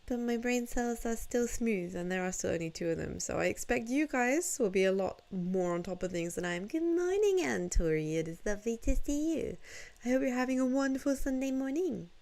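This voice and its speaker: Her voice leans high and is a little fast, creaky and darkish in tone, yet expressive. Groggy and sleepy, this VTuber plays a game from home and banters with viewers in a playful, self-deprecating way during a casual live stream.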